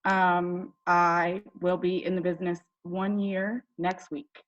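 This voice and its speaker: On a team call, a direct sales team member from Ohio, United States, shares her personal story in a fairly low voice with little pitch movement, speaking slowly over lo-fi sound. She is chatty and tearful, using many fillers.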